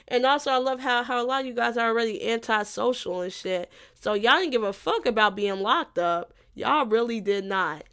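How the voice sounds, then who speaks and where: A woman's voice: fairly high pitch, normal speed, few pauses, sharp tone, clear, resonant tone. A woman in her twenties hosting a satirical rant, blunt and profane, scolding her listeners and repeating phrases for emphasis. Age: 20s. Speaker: podcast host.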